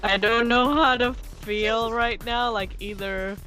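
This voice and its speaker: A woman's voice: on the high side, fairly even intonation, slow pace, bright, forceful tone, faint music behind, low-quality recording. A woman co-host making wry, blunt asides while a story is read. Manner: wry, blunt, swears freely. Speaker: streamer, co-host. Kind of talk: casual live commentary.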